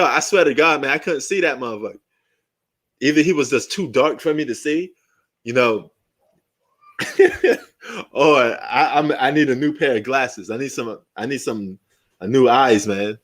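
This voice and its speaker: A middle-aged man hosts a live sports stream in casual, off-the-cuff talk. He swears freely, jokes around, and drifts into fond memories as he talks. His voice sits at an ordinary, middle pitch. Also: normal speed, a bit bright. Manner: loose and profane, reminiscing and joking.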